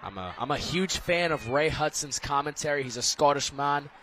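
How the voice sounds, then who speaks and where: A young man doing casual, jokey color commentary for a school soccer stream, rambling and getting excited. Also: fairly high pitch, normal speed, a little hiss or hum.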